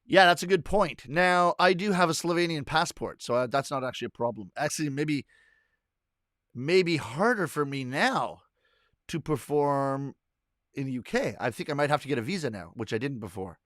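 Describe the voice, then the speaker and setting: Canadian-born comic guy chatting to his stream viewers, rambly, kinda high voice, dry close mic. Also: expressive, moderate pace, a bit bright, no echo. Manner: rambling, self-correcting, chuckling. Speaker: comedian hosting a weekly live stream. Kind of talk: casual chat reading viewer comments.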